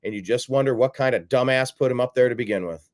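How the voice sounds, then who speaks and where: A man's voice: medium pitch, fast talker. A man hosting a political commentary show, combative and sarcastic, repeating phrases for emphasis. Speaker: host.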